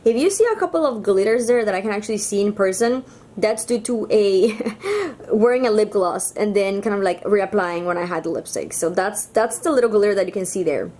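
A woman's voice: mid-range voice, expressive, fairly quick, warm tone. Chatty woman with a Mexican Spanish accent. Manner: chatty and gushing, with frequent "like" and "uh" fillers. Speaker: beauty vlogger. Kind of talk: casual makeup review.

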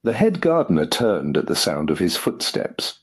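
A man narrating an audiobook in a measured, clear storytelling manner. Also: low-pitched, very animated.

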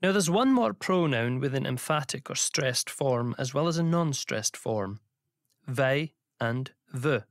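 A man teaching a language lesson in scripted narration, giving careful, slow pronunciation examples. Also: medium pitch, animated, dry recording, clean studio sound.

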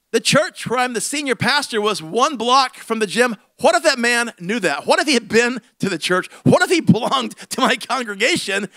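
A middle-aged man, a senior pastor, telling a comic story in a sermon with big swings between loud and hushed. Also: very high-pitched, dry recording.

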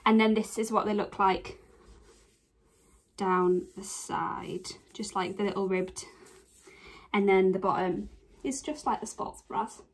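A woman's voice: medium pitch, fairly even intonation, takes it slowly, long pauses, husky. A young woman chatting casually through a clothing try-on haul, out of breath, giggly and full of fillers. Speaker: vlogger.

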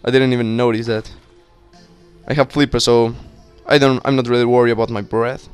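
A young man giving casual, excitable let's play commentary, swearing and talking to himself as he plays. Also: medium pitch, fairly quick, clean tone, faint music behind. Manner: cursing, excitable, talks to himself. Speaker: gaming YouTuber.

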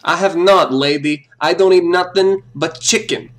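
A man's voice: high voice, steady tone, moderate pace, fairly bright tone. A man putting on a mocking, tough-talking male detective voice while commenting on a game as host. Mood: cocky. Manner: mocking, wisecracking interrogator. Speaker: gameplay video host.

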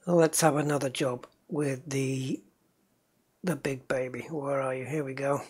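A gaming channel host from northeast England, with a faint accent from the region, chats casually while playing a truck game, talking to himself and answering viewers as he drives. His medium-pitched voice is darkish and slightly rough, with fairly even intonation and a slightly slow pace.

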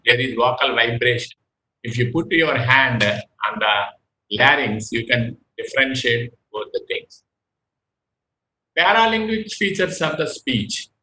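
Bright-voiced man giving a lecture. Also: medium pitch, roomy sound, a little hiss or hum, low-quality recording. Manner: repeats phrases, pauses and restarts mid-sentence. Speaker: medical lecturer. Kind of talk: recorded medical lecture.

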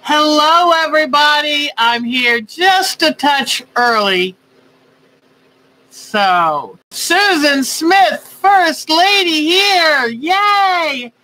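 A woman's voice: sits high, lively intonation, extremely slow, pushed and bright, rough recording. A woman hosting a quilting live stream, chatting casually and greeting viewers by name with rambling asides.

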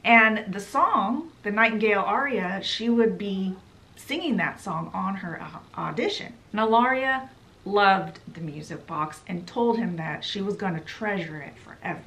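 A woman's voice: medium pitch, unhurried, pushed and bright. A woman casually summarizing a book in a meandering way, with lots of fillers. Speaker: book vlogger.

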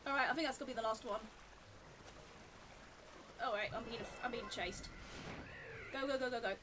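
A woman giving chatty live commentary while she plays a video game, talking to the game and rising into flustered high squeals. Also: normal speed, background noise. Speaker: game streamer.

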